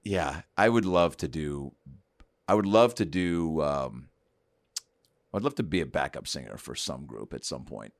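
A man's voice: extremely low pitch, unhurried, creaky, dry recording, clean studio sound. A man hosting a casual comedy chat, telling stories and slipping into silly voices. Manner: animated storyteller, jumps into silly voices.

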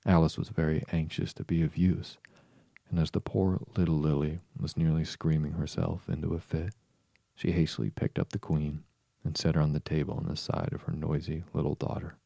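A man narrating a storybook audiobook in a steady, measured reading. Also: extremely low pitch, creaky, dry recording.

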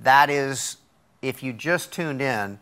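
A man's voice: medium pitch, slow, a bit bright, clean tone. A man hosting a Christian talk show, enthusiastic and reacting to his guest. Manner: enthusiastic, reacts with frequent wows. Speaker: host.

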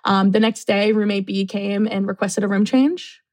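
A woman who works in university residence life, telling a story casually and acting out what people said in lively voices. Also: medium pitch, moderate pace. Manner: animated, acts out quotes.

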